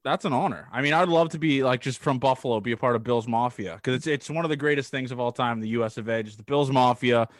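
A man's voice: mid-range voice, fast, few pauses, no echo, clean studio sound. A young man from Toronto hosting a casual chat, enthusiastic and prone to big, sweary praise. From Toronto, Canada. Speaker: podcast host.

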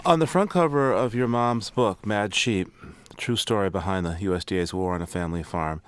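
Radio host: man, measured and steady, slightly low pitch. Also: clear, resonant tone. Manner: calm, measured questioning. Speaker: radio interviewer. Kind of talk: radio interview.

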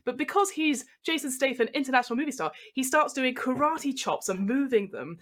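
A woman's voice: sits high, animated, brisk, a bit bright. A woman running a comedic tabletop game as game master. She narrates in a chatty way, full of fillers and little laughs. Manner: chatty, giggly, many fillers.

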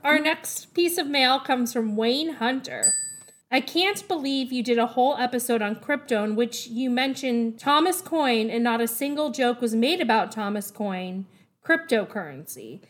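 A woman's voice: on the high side, lively intonation, moderate pace, a little hiss or hum. A woman reading listener emails aloud on a podcast in a plain, matter-of-fact way.

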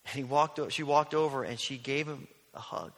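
Bright-voiced male pastor in a reverberant hall. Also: medium pitch, a little fast, vocal fry. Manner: earnest storytelling, drops to a hush at key lines. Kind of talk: sermon. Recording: long reverb of a large hall.

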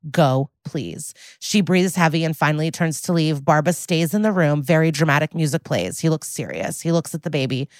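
Woman podcaster, low voice, swears a lot, walks through every scene, dry close sound. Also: a little fast, few pauses, darkish tone, no echo. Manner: blunt, swears freely, retells scenes in detail. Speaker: podcast co-host recapping episodes. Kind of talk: casual chat.

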